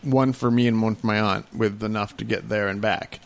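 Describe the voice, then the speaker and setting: A man from the area, telling stories and giving opinions in relaxed casual chat. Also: fairly low pitch, a little fast, creaky. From Boston area. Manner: storytelling, opinionated, laid-back.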